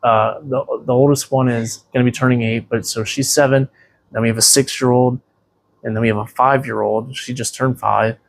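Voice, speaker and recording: Gravelly, profane storytelling man. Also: medium pitch, fairly even intonation, normal speed. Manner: rambling, profane, many "you know"s. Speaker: tattoo shop owner, podcast guest. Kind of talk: casual interview storytelling.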